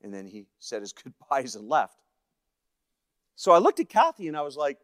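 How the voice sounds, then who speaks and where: A man's voice: medium pitch, moderate pace, pauses often, dry recording, clean studio sound. A man from Canada, a guest speaker telling a personal story from his life, acting out the voices of the people in it. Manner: personal storytelling with acted-out quotes, swinging between hushed and lively. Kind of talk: storytelling sermon.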